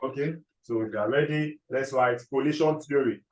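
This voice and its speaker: Male chemistry teacher, mid-pitched, patient dictation style, roomy classroom sound. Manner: repeats key phrases slowly, checks understanding often.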